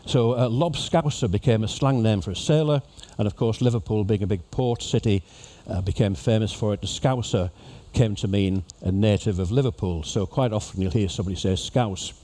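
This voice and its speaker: A man's voice: lowish voice, a little fast, few pauses, mellow. A man giving a humorous, chatty talk to cruise passengers as an after-dinner speaker. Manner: jokey, chatty storyteller addressing an audience. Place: ship lecture venue.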